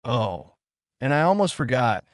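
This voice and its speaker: A man voicing a gruff male fox spirit who speaks in a bored, dismissive way in a fan fiction reading. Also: mid-range voice, sing-song, a little slow, no room sound, clean studio sound, pitched above the performer's own voice.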